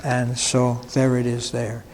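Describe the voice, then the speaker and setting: A man's voice: medium pitch, completely flat delivery, slow, a little mellow. A man who is a pastor, teaching an adult Bible class in a conversational, digressive way with wry asides. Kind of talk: informal Bible class lecture. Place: church classroom. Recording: long reverb of a church room.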